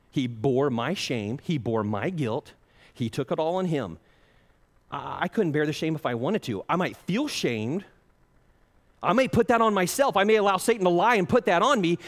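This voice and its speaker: A man preaching a sermon as pastor, passionate, swinging between loud pleading and hushed intensity. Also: sits high, big-room sound.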